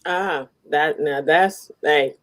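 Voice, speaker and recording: A woman's voice: deep voice, slow. A woman hosting a casual interview, telling stories animatedly and laughing often. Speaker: podcast host.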